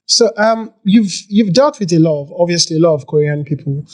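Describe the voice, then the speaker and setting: A podcast host asking casual interview questions in a relaxed, chatty way, with restarts. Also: mid-range voice, brisk.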